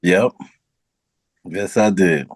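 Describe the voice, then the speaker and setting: A man on a casual podcast, giving short quiet replies. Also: low-pitched, drawn-out words, husky. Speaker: podcast guest. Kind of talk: casual chat.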